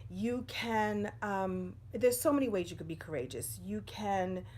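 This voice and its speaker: A woman's voice: mid-range voice, measured pace, slight background noise. A middle-aged woman speaks to her livestream viewers from a room at home, in front of a bookshelf. She talks in a chatty, personal way about life lessons. The sound comes from a simple phone or webcam setup. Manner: warm, chatty, greets viewers by name. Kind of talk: live-streamed inspirational talk.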